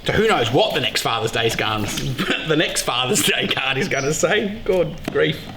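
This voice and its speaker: A middle-aged man hosting a casual beekeeping vlog, joking excitedly and swearing freely. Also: mid-range voice, normal speed. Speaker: beekeeper and show host. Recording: echoey room with loud background noise.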